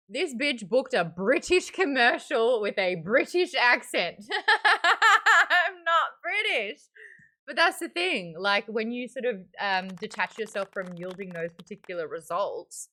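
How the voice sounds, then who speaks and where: An Australian woman hosting a live stream in a candid, chatty way. Her bright voice swings widely in pitch and is full of expression. She talks openly and adds small fillers along the way. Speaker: streamer and book club host. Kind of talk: casual live-stream chat.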